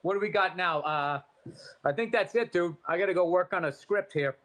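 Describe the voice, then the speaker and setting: High-voiced man telling stories. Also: normal speed. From Boston, USA. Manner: animated, swearing, laughs through his stories. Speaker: podcast co-host. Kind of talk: casual profane storytelling chat.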